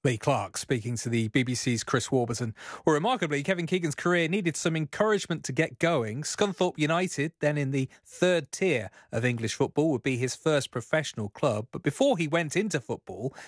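A man presenting a sports news programme, reading a scripted tribute in a measured, sombre way. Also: a little high, no echo, clean studio sound.

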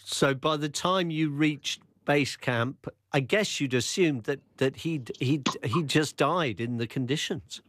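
A man's voice: fairly high pitch, a little slow, hardly any pauses, fairly bright tone, no echo. A man conducting a news interview, asking probing follow-up questions. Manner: probing, with brief backchannel murmurs.

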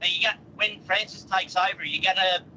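A man's voice: sits high, fairly even intonation, fairly quick, sharp tone, lo-fi sound, a little hiss or hum. A man calling in to a radio show, laid-back and self-mocking. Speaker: caller. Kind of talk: casual phone-in chat.

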